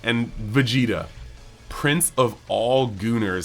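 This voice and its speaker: A man hosting a casual anime episode breakdown, talking excitably and peppering his speech with "like". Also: on the low side, normal speed, soft background music. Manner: excitable, heavy use of "like". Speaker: anime channel host.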